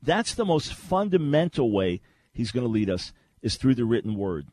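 A man's voice: mid-range voice, very animated, moderate pace, a little mellow, dry recording. A man hosting a Christian call-in radio show, teaching in an earnest, conversational way with frequent restarts. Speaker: radio talk show host. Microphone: studio microphone.

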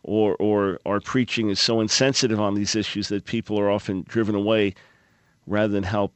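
A man's voice: lowish voice, flat delivery, normal speed, clear, resonant tone, no echo. A man hosting a Christian call-in radio talk show in a studio, speaking with an earnest, fervent preacher's delivery. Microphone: studio microphone.

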